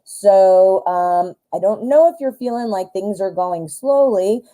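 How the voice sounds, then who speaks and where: A woman's voice: medium pitch, lively intonation, a little slow, dark tone, low-quality recording. A woman hosting a live tarot stream, reading cards in a chatty, upbeat way and talking straight to her viewers. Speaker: tarot reader, live show host.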